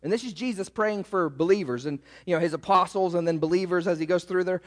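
A man's voice: sits high, fast, in a large hall. A man preaching a sermon as pastor, emphatic, often repeating himself and checking in with "right?".

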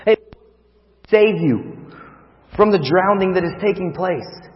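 Man, preacher, sermon, vivid hushed-to-loud storytelling, long church reverb. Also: sits high, measured pace. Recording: long reverb, dull lo-fi sound.

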